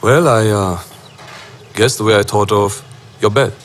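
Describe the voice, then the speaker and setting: Man playing a hesitant younger man, film dialogue, curt replies, lowish voice. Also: unhurried, a little hiss or hum, lightly acted.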